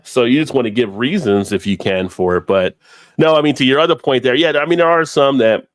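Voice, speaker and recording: A man's voice: medium pitch, brisk, no echo. A middle-aged man hosting a casual live stream chat, talking frankly and swearing casually.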